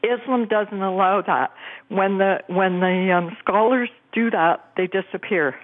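A woman from Canada calling into a radio show, talking in a rushed, breathless way. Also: medium pitch. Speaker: caller. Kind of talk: phone-in call. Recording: tinny phone line.

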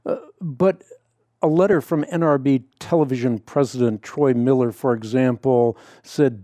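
A man's voice: medium pitch, normal speed, mellow, dry recording. A middle-aged man who hosts a radio show, talking earnestly and fluently, telling stories in conversation. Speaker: radio host. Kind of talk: conversational interview.

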